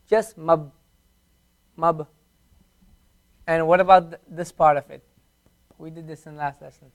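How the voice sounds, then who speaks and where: A man teaching a beginners' class in a classroom, patiently repeating each word slowly for his students. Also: on the high side, fairly even intonation. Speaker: Arabic teacher. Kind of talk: classroom language lesson.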